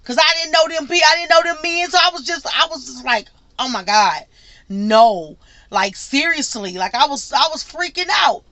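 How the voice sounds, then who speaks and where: Bright, chatty woman telling her story. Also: high voice, brisk, hardly any pauses, no room sound. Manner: chatty, repeats herself, acts out quotes. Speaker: truck driver vlogger answering questions. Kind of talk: casual Q&A vlog.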